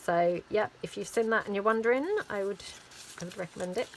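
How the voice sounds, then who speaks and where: A woman chats casually as she works on a craft project at home. She rambles in a mid-pitched voice, full of fillers and loose asides. A faint background noise sits under her voice. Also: fairly even intonation, a little fast, rough recording. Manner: rambling, chatty, with many fillers. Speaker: craft vlogger. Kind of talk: casual chat while crafting.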